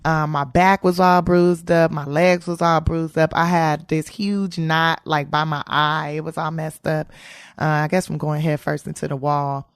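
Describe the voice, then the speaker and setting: A woman's voice: low voice, steady tone, a little slow, smooth, no room sound, studio quality. A woman, a comedian guest, telling a candid story in an interview with slangy, profane speech and frequent laughter.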